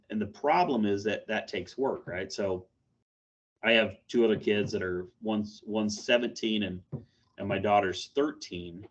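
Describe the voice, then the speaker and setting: Man, 40s, corrections officer; low voice, candid, plainspoken, halting delivery; dull lo-fi video call audio. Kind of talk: personal story shared in a peer support meeting.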